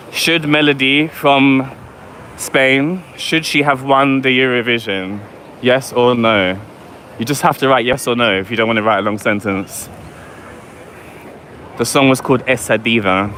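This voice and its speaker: A man's voice: medium pitch, fairly bright tone, a little hiss or hum. A man from England with a London accent, chatting casually on a live walking-tour stream and reading viewer comments aloud while walking outdoors on a city street. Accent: London English. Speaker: vlogger.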